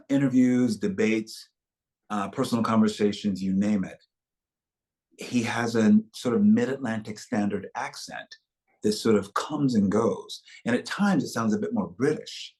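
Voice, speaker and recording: A man's voice: lowish voice, darkish tone. A man speaking as an actor guest in a webchat interview over a video call, reflective and expansive in the way he tells things.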